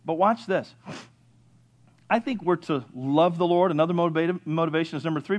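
A man preaching a sermon as pastor, asking the congregation questions and answering them himself, at times building to excited shouting. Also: a little high.

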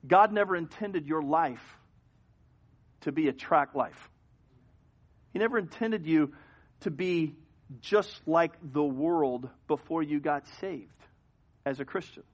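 High-ish guy preaching in church, gets loud and excited telling stories then drops quiet. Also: takes it slowly, long pauses. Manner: animated storytelling, swings from hushed to loud. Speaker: pastor. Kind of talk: sermon. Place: church sanctuary.

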